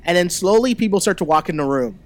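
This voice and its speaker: A man walks through an episode in a loose, chatty podcast recap. His voice sits a little high for a man, and he keeps dropping quick quoted lines from the people he describes. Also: lively intonation. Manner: retells scenes in quick bursts, quoting people. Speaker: podcast co-host. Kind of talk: casual recap chat.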